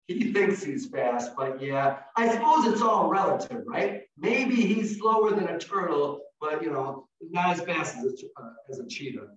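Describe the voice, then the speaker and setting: Man teaching nature lessons, high, lively and playful, far from a dull mic. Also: very echoey. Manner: playful and theatrical, mimicking animal calls. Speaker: early childhood educator presenting. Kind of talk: animated demonstration for teachers.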